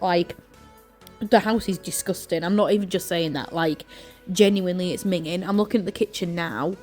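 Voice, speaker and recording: A woman's voice: fairly low pitch, a little mellow. Young woman, East Yorkshire accent, crafting vlogger, chatty rambling delivery, light music bed. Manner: chatty and rambling, many fillers and self-corrections. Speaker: journaling vlogger. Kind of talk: casual chat to camera while crafting. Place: at home.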